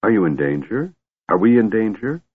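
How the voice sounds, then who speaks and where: A man voicing an angry, impatient half-elf warrior who fires off sharp demands, in a storybook reading. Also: lowish voice, big pitch swings, normal speed, husky, phone-quality sound. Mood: tense.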